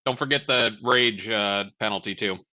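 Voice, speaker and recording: A man with a bright voice chats and jokes as a player at a tabletop game. He talks casually with the group. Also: fairly low pitch, moderate pace.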